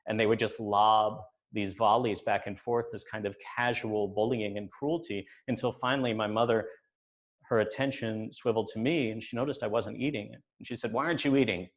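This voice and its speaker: A man's voice: lowish voice, fairly even intonation, normal speed. Man telling a wry personal story. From United States.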